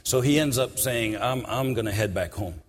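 A man's voice: medium pitch, moderate pace, big-room sound. A man preaching a sermon, retelling a parable and rising into fervent, sing-song appeals.

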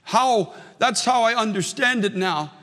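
A man's voice: high-pitched, measured pace, a bit bright, big-room sound. An older man preaching a sermon as a pastor, earnest and emphatic, leaning on repeated phrases.

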